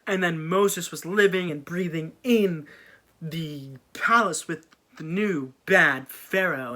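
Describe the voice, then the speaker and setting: A man's voice: fairly high pitch, fairly bright tone. A man casually retelling an old story in a jokey, slang-filled way with offhand asides.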